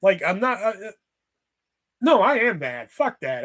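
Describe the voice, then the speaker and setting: High, bright-voiced man ranting on stream. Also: very animated, normal speed. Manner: profane, rambling, mock-angry ranting. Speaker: livestream host. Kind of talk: casual live-stream chat.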